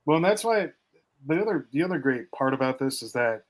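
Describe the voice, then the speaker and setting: A man's voice: mid-range voice, expressive, a little fast, low-quality recording. Rambling man retelling movie scenes. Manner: rambling, many fillers, retells scenes in quoted voices. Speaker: podcast host. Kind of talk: casual movie review chat.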